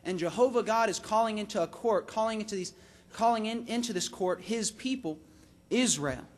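A man preaching a sermon, swelling to emphatic peaks and dropping low on key words, repeating phrases for emphasis. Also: normal speed.

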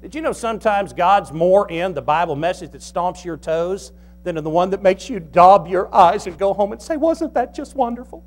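A man preaching a sermon as pastor, folksy and joking, quizzing the congregation and slowing down to stress key lines. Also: high voice.

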